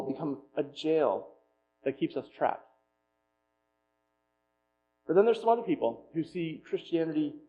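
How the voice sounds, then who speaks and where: A man telling a personal story as a pastor in a sermon, with self-deprecating humor and animated retelling. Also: fairly high pitch, dull audio, slight background noise.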